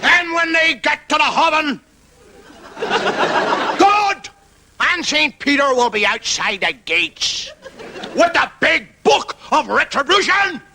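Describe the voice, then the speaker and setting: A man impersonating a fiery male preacher, bellowing a slow, drawn-out sermon about hellfire. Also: very high-pitched, lively intonation, crowd noise, noisy background, voice pushed up, heavily acted. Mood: thundering.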